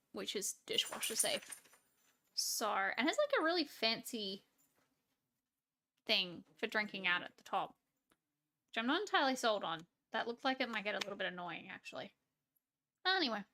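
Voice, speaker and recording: A woman's voice: fairly high pitch, pushed and bright. A woman with an Australian accent, chatting casually on a live stream in a rambling way, often laughing and trailing off. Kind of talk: casual chat with a live audience.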